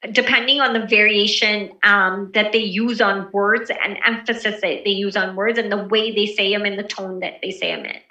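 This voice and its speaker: A woman teaching a presentation skills class over a video call, relaxed and encouraging, with many fillers. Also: medium pitch, roomy sound, recorded from a distance, rough recording.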